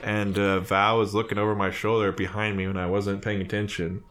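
A man's voice: fairly low pitch, little pitch movement, fairly quick, a bit bright. A young man co-hosting a casual podcast, rambling and laughing through his stories and swearing freely. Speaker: podcast co-host. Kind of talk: casual chat.

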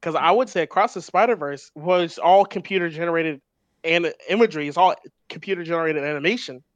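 Casting note: higher-pitched male podcast co-host, thoughtful, dry close sound. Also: a little fast, dry recording, dull audio. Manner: thoughtful, restarts often while explaining. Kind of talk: casual film discussion.

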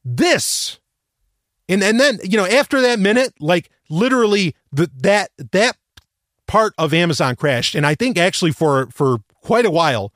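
A man's voice: fairly high pitch, a bit bright, no room sound, studio quality. A man hosting a podcast, telling a rambling story with lots of restarts and the odd swear word. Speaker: podcast host. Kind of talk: casual storytelling monologue.

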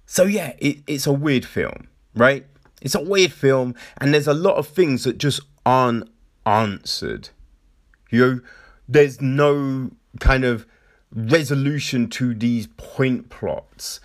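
A man's voice: on the high side, a little slow. A man giving a casual, exasperated spoken film review, full of fillers, rhetorical questions and mocking quotes. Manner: animated, exasperated, many fillers and mock quotes.

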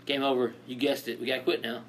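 A man's voice: medium pitch, flat delivery, quick pace, slight background noise. A man co-hosting a casual comedy podcast, posing riddles and laughing often. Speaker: podcast co-host.

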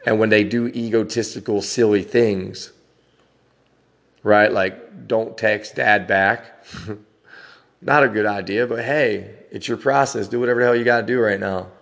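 A man's voice: on the low side, steady tone, normal speed, big-room sound. A man hosting a podcast, talking in a frank, profane, rambling personal monologue. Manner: frank and profane, with frequent laughs. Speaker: podcast host.

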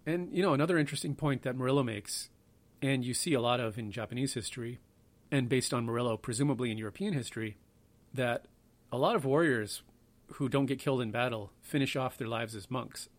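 A man's voice: medium pitch, a little fast. A man hosting a history podcast, talking in a rambling, offhand way with self-deprecating asides. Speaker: podcast host. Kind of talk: casual history podcast talk.

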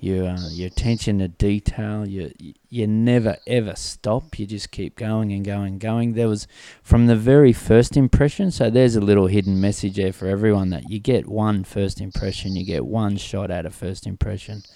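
A middle-aged man with a low, mellow voice tells stories with bursts of excitement and frequent laughter. He is recorded dry and close. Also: moderate pace, hardly any pauses, no room sound. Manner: animated storyteller, laughs often, speaks in bursts. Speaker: host and former team staff member. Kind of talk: conversational podcast interview.

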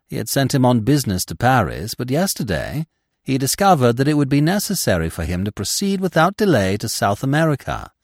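A man's voice: medium pitch, no room sound, studio quality, pitched above the performer's own voice. A man playing a proud, resolute widow. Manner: dignified, emotional.

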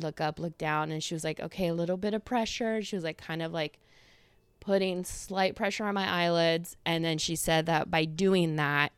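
Woman, 30s, podcast host, slightly breathless, smooth voice, dry close sound. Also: on the low side, no room sound. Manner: rambling, lots of fillers and quoted asides. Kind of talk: casual monologue.

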